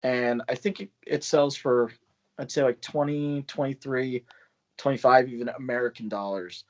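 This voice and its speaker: A man's voice: medium pitch, steady tone, normal speed. Man, small press publisher, loose swearing talk, dull lo-fi call sound. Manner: loose, swearing, laughs often. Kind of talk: casual video call chat. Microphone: video call.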